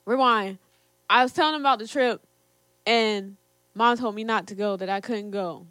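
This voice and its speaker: A woman's voice: a little high, moderate pace, a bit bright, dry recording. A young woman casually telling a personal story to camera, quoting her parents and often laughing as she talks. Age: young adult. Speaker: storyteller, co-host.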